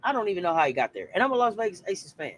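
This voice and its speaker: A man's voice: high voice, very animated, very fast, fairly bright tone, a little hiss or hum, low-quality recording. A man co-hosting a casual sports talk show, joking and stammering over his words. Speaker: sports podcast co-host.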